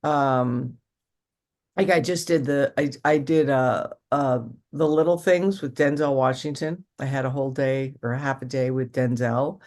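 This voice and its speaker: Chatty older actress telling stories. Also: female voice, rumbling low, steady tone, measured pace, darkish tone. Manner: chatty, rambling with restarts and acted-out quotes. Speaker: actress guest. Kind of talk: casual interview storytelling.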